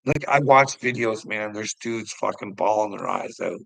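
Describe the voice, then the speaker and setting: A man's voice: lowish voice, normal speed, gravelly, fairly bright tone, no room sound, rough recording. A middle-aged man ranting heatedly to his livestream chat, swearing a lot and laughing often. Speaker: livestream host talking to chat. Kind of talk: casual livestream rant.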